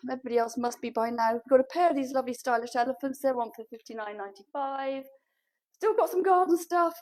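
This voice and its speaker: A woman's voice: sits high, fast talker, darkish tone, rough recording. A woman running a shop, chatting and rambling on a live stream as she walks through her shop. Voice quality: chatty, rambling, self-deprecating. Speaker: shop owner. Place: furniture shop, indoors.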